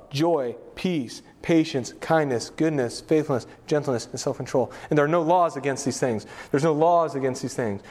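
A man's voice: on the high side, a little mellow. Chatty pastor man preaching casually. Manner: conversational, anecdotal, frequent fillers and asides. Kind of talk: casual sermon teaching.

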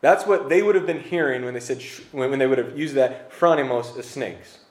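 A man's voice: mid-range voice, brisk. A man preaching a conversational sermon to a congregation in a church, with casual, joking asides to the crowd. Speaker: pastor. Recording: roomy church hall echo.

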